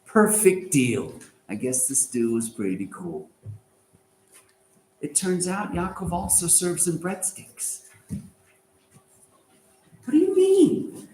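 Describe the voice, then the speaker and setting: A man teaching a class, animated and sarcastic, firing rhetorical questions at his students. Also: sits high, slow, long pauses, roomy sound, low-quality recording. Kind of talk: lively lecture to students.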